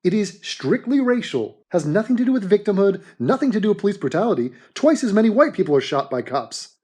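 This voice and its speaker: Crude, animated mocking man. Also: high-pitched, brisk, slightly rough. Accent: Canadian. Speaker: commentary host. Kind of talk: profane reaction commentary.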